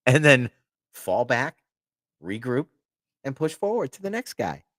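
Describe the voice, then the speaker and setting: A man's voice: medium pitch, very animated, a little slow, a bit bright, dry recording, studio quality. A man hosting a podcast, a Navy veteran who tells wry anecdotes and acts out both sides of old arguments. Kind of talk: casual chat.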